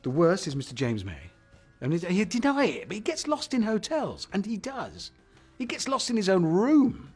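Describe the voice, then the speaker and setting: A man's voice: high voice, wildly swooping pitch, moderate pace, hardly any pauses, a little mellow, slightly rough, soft background music. A man who presents a TV show, teasing his co-hosts with jokey asides in a casual press interview.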